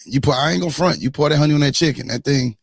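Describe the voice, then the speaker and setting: A man hosting a podcast, chatting casually and teasing his co-hosts in a relaxed, joking way. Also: fairly high pitch, racing, gravelly, husky, dry recording, studio quality. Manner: joking, teasing, laid-back. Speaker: podcast host. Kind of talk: casual chat.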